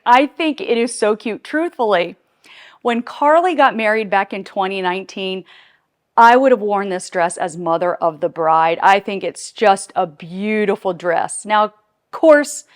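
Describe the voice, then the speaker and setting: A woman's voice: mid-range voice, a little slow. A middle-aged woman chatting casually in a clothing try-on video, bubbly and gushing, laughing often, on a clip-on mic indoors. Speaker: fashion vlogger. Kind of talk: casual try-on haul chat.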